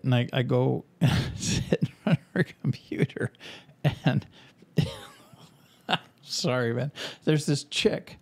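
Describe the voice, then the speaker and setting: A man hosting a podcast, casually telling an animated story and acting out the voices of people in it. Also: mid-range voice, slow pace, no echo. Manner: animated anecdote telling, acts out quoted voices. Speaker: podcast host and author.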